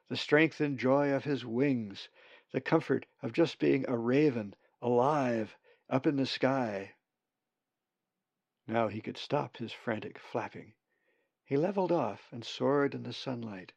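Slow gravelly male storybook narrator. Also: medium pitch, a little mellow, dry recording. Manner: slow, measured reading. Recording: dull lo-fi recording, dry.

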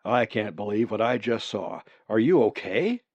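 A man voicing a big, kind male raven who talks in a steady, reassuring way, recorded dry and a little dull. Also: lowish voice, moderate pace, no echo.

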